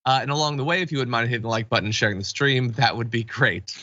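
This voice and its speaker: A man's voice: mid-range voice, pushed and bright, dry recording, muffled recording. A man hosting a live political news show, delivering the stories with dry, sarcastic commentary. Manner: sarcastic, wry and quick. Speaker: news talk show host.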